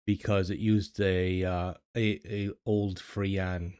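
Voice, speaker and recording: Slow, low-voiced older man. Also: little pitch movement, darkish tone, clean tone, no echo, clean studio sound. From United States. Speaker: livestream host reading chat. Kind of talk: casual chat. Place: home streaming studio. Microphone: desk microphone.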